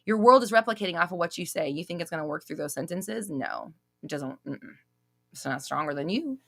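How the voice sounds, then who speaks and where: A woman's voice: lowish voice, expressive, fairly quick, gravelly, a bit bright. A young woman hosting a live Q&A stream, casually reading out viewer comments, blunt and swearing freely, laughing often as she scolds.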